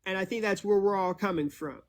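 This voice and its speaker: A man on a live stream trying to calm an argument, stammering and restarting his sentences. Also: high-pitched, fairly quick. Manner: hesitant, stammering restarts, placating.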